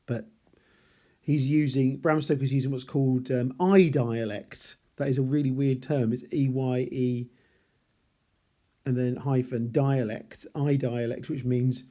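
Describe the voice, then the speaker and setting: Mellow-voiced man analysing a novel. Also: mid-range voice, fairly even intonation, a little slow. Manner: thinking aloud, hesitant restarts. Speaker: literature teacher.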